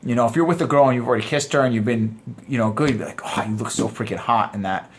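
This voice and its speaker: A man's voice: mid-range voice, fast talker, a little hiss or hum. A man teaching a dating course in a loose, conversational way, often acting out sample lines. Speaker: dating coach. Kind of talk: casual course lecture.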